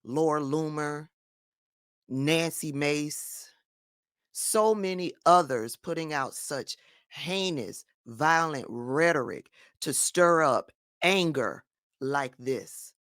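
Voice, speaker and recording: A woman's voice: low-pitched, lively intonation, slow pace, fairly bright tone, dry recording, studio quality. A woman giving firm, emphatic political commentary in a vlog monologue.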